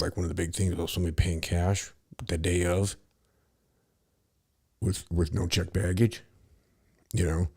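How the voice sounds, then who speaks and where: Deep gravelly man telling a rambling story. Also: a little mellow. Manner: rambling, profane, with many restarts. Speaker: podcast host. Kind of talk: casual storytelling monologue.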